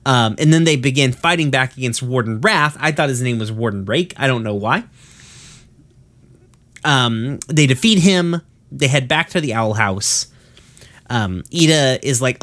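A man's voice: medium pitch, lively intonation, measured pace, fairly bright tone. A man co-hosting a podcast, casually recapping an episode in a rambling, profane way full of fillers. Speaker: podcast co-host.

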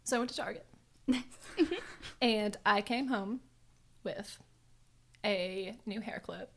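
A young woman co-hosting a podcast, telling a story in animated, casual chat. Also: mid-range voice, slow pace, noisy background. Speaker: podcast co-host.

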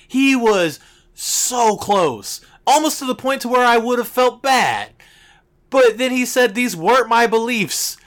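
A man's voice: very high-pitched, expressive, takes it slowly, a bit bright. A man co-hosting a podcast, blunt and emphatic, swearing casually as he talks. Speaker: podcast co-host.

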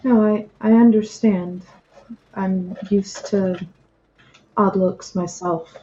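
Woman player in a tabletop game, slow and mellow, kinda dull lo-fi mic. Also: medium pitch, steady tone, soft background music. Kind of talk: tabletop role-play.

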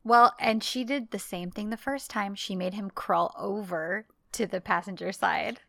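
A woman's voice: medium pitch, unhurried, creaky, no room sound, studio quality. A woman co-hosting a casual podcast, animatedly retelling a TV episode. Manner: animated retelling, often laughing and acting out characters' lines. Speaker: podcast co-host recapping a TV series. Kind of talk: casual chat.

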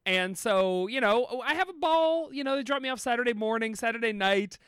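A man's voice: extremely high pitch, fairly quick, a bit bright, smooth, dry recording, clean studio sound. A man on a comedy podcast, playful and loose, laughing often while telling stories. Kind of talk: comic storytelling and banter.

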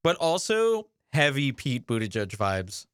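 A man's voice: mid-range voice, sing-song, a little slow, fairly bright tone, clear, resonant tone, no room sound, clean studio sound. A man co-hosting a casual review podcast, blunt and casually profane. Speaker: podcast co-host.

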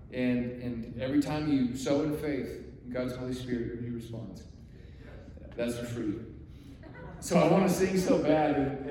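Male preacher, animated storyteller, mellow voice, distant mic, echoey hall. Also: mid-range voice, slight background noise. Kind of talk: sermon.

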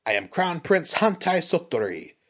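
A man's voice: low-pitched, expressive, brisk, slightly rough, exaggerated voice. A man voicing a proud, formal young crown prince.

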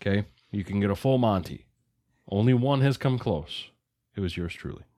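A man's voice: on the low side, animated, moderate pace, dark tone, dry recording. A young man co-hosting a podcast, running a quiz game with joking, theatrical game-show delivery on a close mic. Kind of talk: casual podcast banter.

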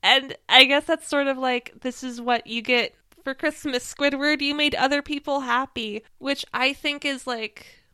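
A young woman co-hosting a podcast in casual chat, animated and laughing often. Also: sits high, a little slow, clear, resonant tone, dry recording, clean studio sound. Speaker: podcast co-host.

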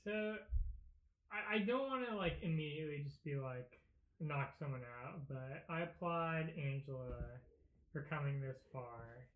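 A man's voice: a little high, expressive, measured pace. A man chatting casually in a podcast discussion, rambling with hesitant restarts. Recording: tinny phone-like line, roomy echo.

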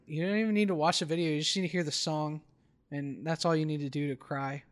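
Joking young man, fairly high voice. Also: steady tone. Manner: joking, mock-serious, halting with fillers. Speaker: podcast co-host. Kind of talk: casual podcast banter.

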